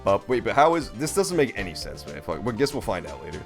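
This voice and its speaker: A young male streamer rambles and swears his way through a game, amused. His pitch bounces around a lot, and soft game music sits underneath. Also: big pitch swings, fast talker, gravelly. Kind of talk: casual gameplay commentary. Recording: faint game music behind.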